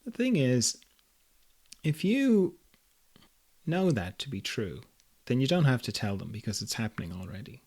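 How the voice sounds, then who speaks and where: A man hosting a reflective spiritual talk, speaking gently and playfully and chuckling often. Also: medium pitch, very animated, normal speed, pauses often. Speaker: host.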